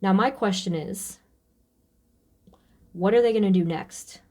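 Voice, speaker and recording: Woman, tarot reader, mellow warm tone, halting and emotional, casual channeling talk. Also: mid-range voice. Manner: emotional, halting, many fillers and restarts.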